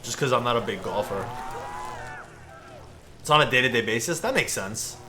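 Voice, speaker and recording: A man's voice: medium pitch, expressive, normal speed, background noise. A young man casually chatting with viewers while he plays, rambling and laid-back, full of "like" and "bro". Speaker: gaming streamer.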